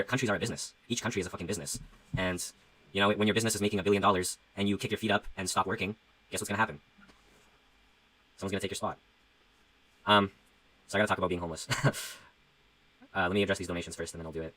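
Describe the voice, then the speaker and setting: Fast-talking guy, rambling and profane. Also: on the low side, fairly bright tone, rough recording. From Canada. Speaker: livestreamer and musician. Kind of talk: casual livestream chat.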